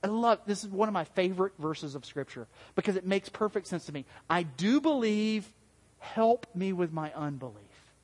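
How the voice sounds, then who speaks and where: High-voiced man preaching in a hall. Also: expressive, normal speed. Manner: conversational, asks the congregation questions; acts out quoted voices with big pitch jumps. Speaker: pastor. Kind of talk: interactive sermon.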